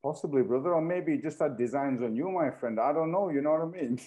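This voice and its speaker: A man's voice: a little high, a little fast, mellow. A man hosting a combat sports podcast, chatting casually and teasing his guest in a matey way. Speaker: podcast host. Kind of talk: casual interview chat.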